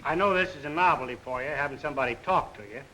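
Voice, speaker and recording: A man's voice: medium pitch, rapid-fire, very noisy. A man from a studio greeting a crowd of salesmen and giving them a hearty welcome speech. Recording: old film soundtrack, loud music behind.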